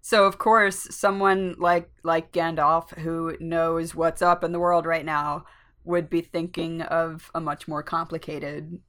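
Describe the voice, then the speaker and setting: A woman's voice: low-pitched, little pitch movement, takes it slowly, fairly bright tone. A woman co-hosting a podcast, retelling a book chapter in a casual chat with fillers and laughs. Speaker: podcast co-host.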